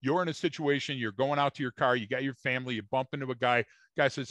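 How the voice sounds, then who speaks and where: A man's voice: medium pitch, fairly even intonation, fast, a bit bright, no room sound. A man co-hosting a podcast, telling stories in an emphatic, repetitive way in casual chat. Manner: emphatic, storytelling, repeats words. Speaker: podcast co-host.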